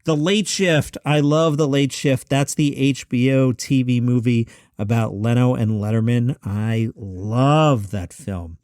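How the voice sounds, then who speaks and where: A man in his fifties hosts a solo podcast at home, breezing through movie lists with wry asides and chatty quick lists. His mid-range voice is steady, smooth and a little mellow. The sound is clean, studio-like and echo-free.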